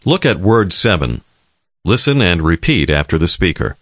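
Deep-voiced man narrating a language lesson. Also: no room sound, clean studio sound. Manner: calm, measured, clearly enunciated. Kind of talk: scripted instructional narration.

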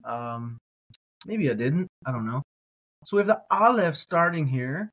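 A Hebrew teacher leads a reading lesson, sounding out words syllable by syllable, hesitating with lots of ums and uhs and correcting himself. His voice is a little high, animated and fairly bright with a breathy edge, and his pace is a little slow.

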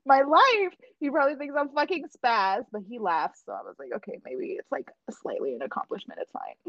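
A woman in casual chat, telling a story with animated energy, swearing and laughing often. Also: fairly high pitch, brisk, dry recording, highs cut off.

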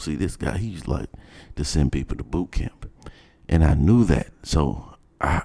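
A man telling a personal story in a blunt, animated, casual way. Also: a bass voice, measured pace, creaky. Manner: animated, blunt, swears freely.

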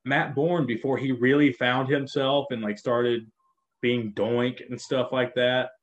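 A man co-hosts a casual podcast conversation, his mid-range voice flat in delivery and unhurried. Even so, he's eager as he rambles and keeps starting over. The recording sounds dull and lo-fi.

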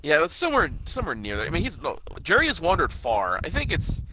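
A man's voice: on the high side, huge pitch swings, quick pace, sharp tone. A man in casual chat about a TV show, adding details in a laid-back way and swearing now and then. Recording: noisy recording.

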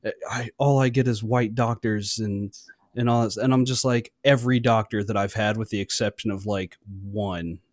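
A man's voice: on the low side, steady tone, moderate pace, no room sound, clean studio sound. A young adult man telling profane stories in casual chat, trailing off and laughing often. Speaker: army veteran.

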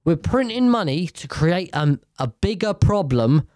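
Slow, sweary man ranting. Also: a little high, big pitch swings, a little mellow, dry recording, studio quality. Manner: blunt, sweary, rambling. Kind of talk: profane political rant.

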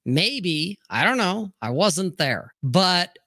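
A man's voice: high voice, big pitch swings, slow pace, bright, forceful tone, no room sound, studio quality. Blunt, profane man hosting a stream. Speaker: livestream host. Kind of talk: casual panel chat. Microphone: streaming mic, remote call.

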